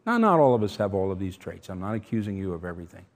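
A middle-aged man preaching a sermon, emphatic, shifting between loud stressed points and quiet asides. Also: sits low, big pitch swings, very fast. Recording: long reverb from a large hall.

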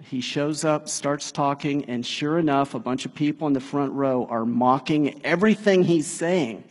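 A man preaching a sermon in a casual, animated way, building to emphatic peaks. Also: a little high, moderate pace. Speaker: pastor. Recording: long hall reverb.

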